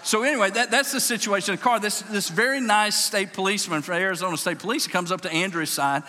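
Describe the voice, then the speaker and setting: Folksy Southern preacher in a reverberant hall. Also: male voice, fast talker. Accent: Southern US, Louisiana. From Louisiana. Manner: folksy and animated, acts out voices, drops low and quiet for emotional moments. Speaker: pastor, state police chaplain. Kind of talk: storytelling sermon. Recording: long reverb of a large hall.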